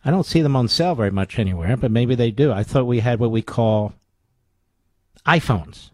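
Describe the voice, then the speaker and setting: A man's voice: medium pitch, moderate pace, a little mellow, no echo, clean studio sound. A man hosting a talk radio show, ranting sarcastically through rhetorical questions in an indignant monologue.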